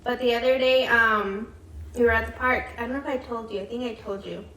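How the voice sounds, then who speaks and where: A chatty young woman with a fairly high voice tells family stories. She keeps quoting her children and leans on "like" over and over. She sits a bit back from the mic in an echoey room with faint hiss. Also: steady tone, fairly quick, pushed and bright, recorded from a distance. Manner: chatty storytelling, many "like"s, quoting her kids. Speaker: podcast co-host, mother. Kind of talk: casual chat. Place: home.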